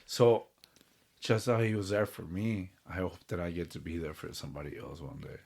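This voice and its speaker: Deep-voiced man in heartfelt chat. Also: lively intonation, moderate pace, vocal fry, darkish tone. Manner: earnest, heartfelt, rambling with fillers. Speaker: podcast co-host. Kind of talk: casual chat.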